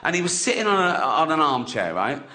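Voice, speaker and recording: Crude comedian laughing mid-story. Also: male voice, a little high, sing-song, brisk, sharp tone, reverberant. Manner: crude, laughs through his own punchlines. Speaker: stand-up comedian. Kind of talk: stand-up comedy routine.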